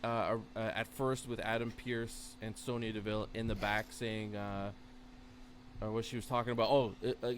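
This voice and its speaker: A man's voice: lowish voice, little pitch movement, measured pace, slight background noise. A man co-hosting a wrestling podcast, rambling casually with many fillers and acting out quotes. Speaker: podcast co-host.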